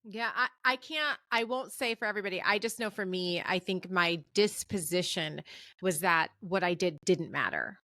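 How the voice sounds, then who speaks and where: A woman's voice: lowish voice, moderate pace, bright, forceful tone, no room sound, studio quality. A woman in her thirties, a communications professor, speaking as a guest on an interview podcast with emphatic, preacher-like encouragement.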